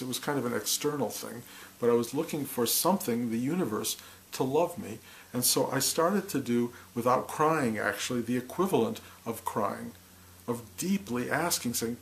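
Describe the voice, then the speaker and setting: A man giving a slow, reflective spiritual talk, speaking softly and often dropping to a near whisper. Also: mid-range voice, gravelly, slight background noise, low-quality recording. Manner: slow, soft, intimate, drops to near whispers.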